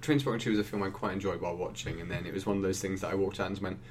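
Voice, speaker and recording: A man's voice: low-pitched, steady tone, very fast, a little hiss or hum. A man co-hosting a film review podcast, talking casually with frequent restarts and laughter. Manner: rambling, restarts often, laughs easily.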